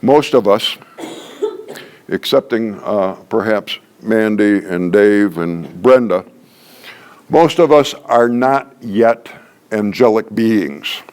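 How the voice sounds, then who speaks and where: A man's voice: fairly low pitch, lively intonation, takes it slowly, darkish tone, smooth. An older man leading a training workshop, teaching in a folksy, joking way and repeating his key points for emphasis. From Canada. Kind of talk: workshop lecture.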